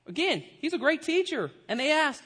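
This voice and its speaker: A man preaching a sermon in a lively way, acting out the people in the story he tells. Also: high-pitched, moderate pace. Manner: animated, acts out quoted voices. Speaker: pastor.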